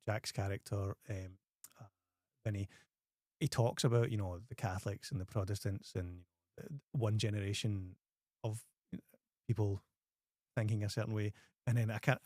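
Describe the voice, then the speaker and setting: A man with a Scottish accent hosting a casual film review chat, animated and often restarting his phrases. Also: lowish voice, normal speed, no room sound, studio quality. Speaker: host.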